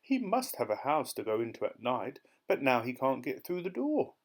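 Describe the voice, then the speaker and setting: A man voicing an excitable, kindly older lady who dotes on her pet tortoise, in a shrill, gushing voice. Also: normal speed. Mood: earnest.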